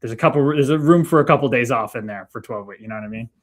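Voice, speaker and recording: A Canadian man co-hosting a live stream in a loose, easygoing way. He talks at a middle pitch and keeps up a steady flow of chat, reading viewer comments aloud. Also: rapid-fire. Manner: relaxed, chatty, reads chat aloud. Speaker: co-host.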